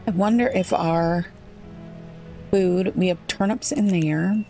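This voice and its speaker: A woman playing a city-builder game, thinking aloud and puzzling over it, her voice a little rough today. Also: fairly low pitch, takes it slowly, warm tone, faint music behind. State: slightly rough voice. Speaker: let's play gamer. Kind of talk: relaxed gameplay commentary.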